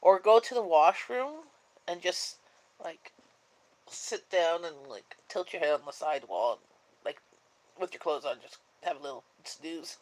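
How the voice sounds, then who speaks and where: A woman's voice: sits low, lively intonation, a little slow, a little mellow, low-quality recording. A woman hosting a casual live-stream chat, sleepy and yawning, rambling along with plenty of fillers. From Canada. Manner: rambling and chatty, many fillers.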